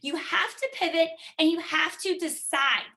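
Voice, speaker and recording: A woman's voice: extremely high pitch, moderate pace, sharp tone. A woman giving an emphatic motivational talk to her team over a video call, driving home her points with repetition. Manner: emphatic, driving, repeats key words.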